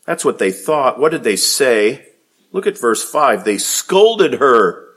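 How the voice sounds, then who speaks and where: A man preaching a sermon, swinging from quiet low passages to emphatic raised peaks. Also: sing-song, slow, slightly rough. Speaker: pastor.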